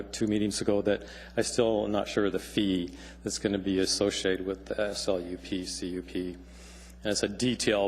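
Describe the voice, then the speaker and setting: Low-voiced man testifying in a reverberant hall. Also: a little hiss or hum. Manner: plain-spoken, explanatory. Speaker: planner and surveyor testifying. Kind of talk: public testimony. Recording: long hall reverb in assembly chamber.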